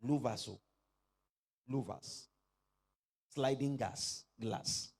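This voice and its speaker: A middle-aged man preaching a sermon as pastor, leading the congregation in call-and-response and rising to shouted exclamations. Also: mid-range voice, extremely slow, slightly rough.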